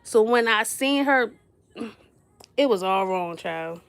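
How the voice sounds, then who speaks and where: A woman's voice: medium pitch, lively intonation, takes it slowly, gravelly, clear, resonant tone. A woman telling a funny personal story in a casual, slangy way, laughing often and teasing playfully. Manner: slangy, chatty, addresses listeners directly.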